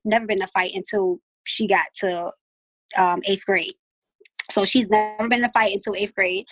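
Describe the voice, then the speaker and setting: A woman's voice: mid-range voice, no room sound, rough recording. A woman in her thirties with a Baltimore accent, chatting casually as a guest and acting out the voices of people in her stories. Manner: animated storytelling, acts out voices. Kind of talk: casual chat.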